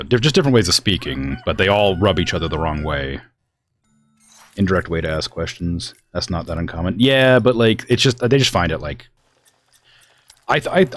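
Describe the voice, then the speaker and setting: Low-pitched and sing-song, a man talks at a brisk clip over faint background music. He's from the US West Coast, casually chatting as he streams a game, full of fillers, meandering, and fed up with his family.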